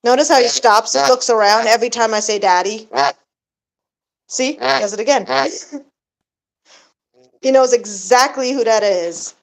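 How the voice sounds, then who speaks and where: A woman chatting casually to camera as a pet-owner vlogger, rambling with lots of fillers and restarts, sometimes cooing in a high baby voice, recorded outdoors in a backyard. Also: measured pace, long pauses, poor audio.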